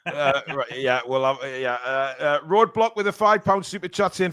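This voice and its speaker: A man's voice: fairly high pitch, fairly even intonation, normal speed, few pauses, fairly bright tone, clear, resonant tone, no echo, clean studio sound. A man hosting a casual live stream, reading out donations with lots of fillers. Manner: rambling, many fillers. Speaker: stream host reading super chats.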